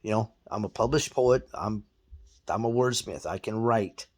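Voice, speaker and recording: A man telling a story in blunt, profane, animated casual talk. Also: fairly low pitch, moderate pace. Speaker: guest storyteller.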